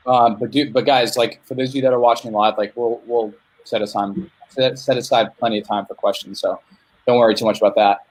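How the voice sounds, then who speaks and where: Relaxed male host of a live call. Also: mid-range voice, brisk, poor audio.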